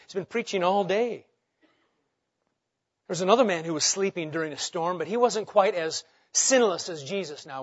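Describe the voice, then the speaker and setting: A man preaching a sermon, asking rhetorical questions and swinging between loud and hushed delivery. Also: high-pitched, highs cut off. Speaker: pastor.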